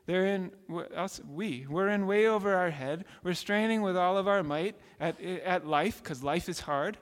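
A pastor delivers a sermon at normal speed in a fairly high, earnest voice, often repeating himself and restarting sentences. He builds his point patiently through a story, and the long reverb of a large hall surrounds him.

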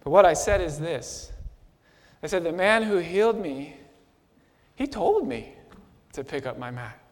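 A man with a high, ringing voice delivers an impassioned first-person sermon, dropping to a hush and then rising to a shout. His voice trails off into the long reverb of a big hall. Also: very animated, unhurried. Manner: impassioned storyteller, swings from hushed to shouting. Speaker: preacher.

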